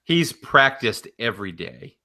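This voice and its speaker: A man co-hosting a casual wrestling and sports podcast, calm and matter-of-fact with a teasing streak. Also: mid-range voice, unhurried. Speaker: podcast co-host. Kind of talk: casual chat.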